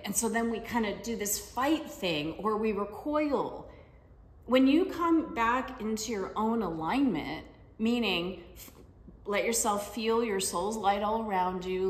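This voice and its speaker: A woman life coach giving a motivational talk, telling personal stories in a conversational way and often checking in with tag questions. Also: mid-range voice. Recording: roomy with long reverb.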